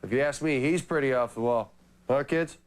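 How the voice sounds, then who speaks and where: A man's voice: medium pitch, moderate pace, clear, resonant tone, pitched below the performer's own voice, close to an everyday voice. A man putting on a grumbling suburban dad. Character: grumpy middle-aged suburban dad. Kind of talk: comedy sketch voice-over.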